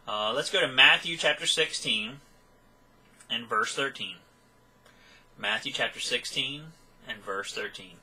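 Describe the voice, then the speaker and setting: A man's voice: mid-range voice, pushed and bright, husky, rough recording. A man teaching a Sunday school Bible lesson in a conversational way, often checking in with "okay" and chuckling now and then. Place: church classroom.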